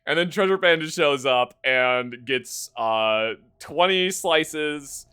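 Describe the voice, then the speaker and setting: A man's voice: fairly high pitch, lively intonation, slow, bright, forceful tone, clean tone. A man streaming live, rambling casually about a game he just finished, with lots of fillers and the odd curse.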